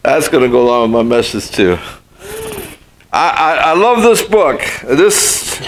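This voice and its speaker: An older male pastor gives a sermon in a mid-pitched voice. His style is folksy and story-driven, and he repeats key phrases to drive them home. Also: big pitch swings, measured pace, slight background noise, rough recording.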